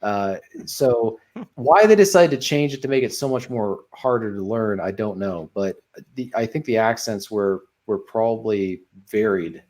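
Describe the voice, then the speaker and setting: A man's voice: lowish voice, moderate pace, darkish tone. A man, a podcast guest, talking casually over a video call, rambling with frequent ums and uhs.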